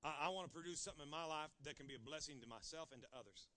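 Man, pastor, sermon, high voice, very bright and forceful tone, dramatic delivery. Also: rapid-fire. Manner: dramatic, acts out pleading voices.

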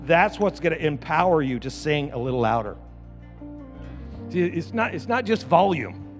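High-voiced pastor preaching in echoey hall. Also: male voice, expressive, moderate pace, soft background music. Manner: preaching with repeated phrases, building to shouts. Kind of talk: sermon. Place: church.

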